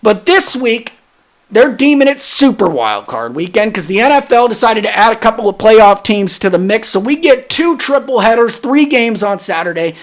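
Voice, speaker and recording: A man's voice: sits high, animated, normal speed. A young adult man hosting a solo sports podcast, brash and hyped, trash-talking rival fans. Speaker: podcast host.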